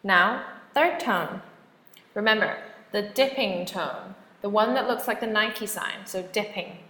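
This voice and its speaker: A woman teaching a beginners' language lesson, hosting the show and drilling sounds with clear, exaggerated tones and pauses for repeating. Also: medium pitch, bright, forceful tone, roomy sound. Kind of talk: slow drilled pronunciation lesson.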